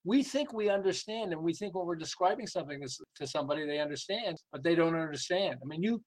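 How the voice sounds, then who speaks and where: An older man speaks as an interview guest, telling workplace and family stories with lots of energy. His voice sits high for a man, and he acts out the other people in his stories and laughs often. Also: animated, fast, rough recording. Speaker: guest, sales and behavior coach. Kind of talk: lively interview storytelling.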